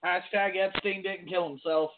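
A man's voice: sits high, fairly even intonation, moderate pace, over a noisy crowd. A man co-hosting a podcast, dropping wry, dry remarks in casual chat. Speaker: podcast co-host. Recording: phone-like sound.

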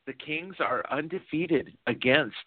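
A man with a slightly high voice co-hosts a casual sports talk show, rambling and hesitating as he goes. The recording is dry and tinny, like a phone line. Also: animated, no room sound. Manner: rambling, full of "uh" pauses. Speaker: co-host, hockey fan.

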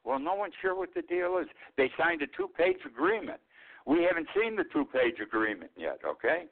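A man's voice: a little high, wildly swooping pitch, moderate pace, vocal fry. A man in his eighties, an older host giving a blunt, rambling monologue of political commentary. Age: 80s. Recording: tinny phone-like line.

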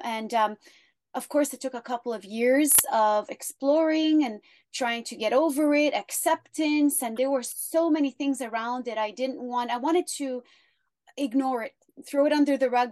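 A woman guest telling her story in an interview, earnest and measured. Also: a little high, darkish tone, dry recording.

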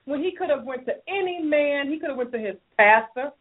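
A woman's voice: high-pitched, expressive, fairly quick. A woman hosting a radio advice show, preaching and scolding with emphatic repeated phrases. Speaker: radio show host giving relationship advice. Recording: phone-like narrow sound.

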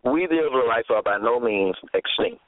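A man preaching a radio sermon, slow and emphatic, repeating himself and asking rhetorical questions. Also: medium pitch, lively intonation, no room sound. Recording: tinny phone-like radio audio.

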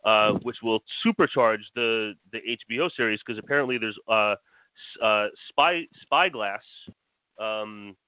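A man giving a casual horror news rundown on a podcast, pausing often with "uh". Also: lowish voice, smooth, no echo. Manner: hesitant, many "uh" pauses. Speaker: podcast co-host reading news. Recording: dry phone-like line.

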